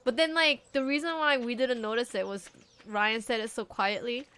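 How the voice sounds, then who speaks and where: A woman's voice: on the high side, normal speed, bright, forceful tone, a little hiss or hum. A young woman co-hosting a game stream, chatting casually and playfully retelling funny moments, often giggling. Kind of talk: casual chat. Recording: music playing underneath.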